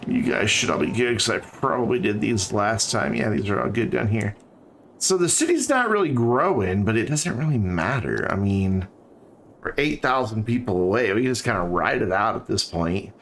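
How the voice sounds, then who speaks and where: A man's voice: on the low side, animated, normal speed, fairly bright tone, a little hiss or hum. A man streaming a city-building game, chatting casually and thinking aloud as he builds. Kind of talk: casual let's-play commentary.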